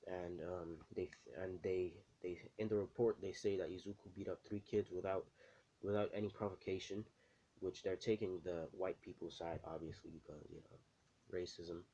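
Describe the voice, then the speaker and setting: A man's voice: low-pitched, little pitch movement, moderate pace, dark tone, lo-fi sound. A man casually telling a made-up story, rambling with lots of fillers and restarts.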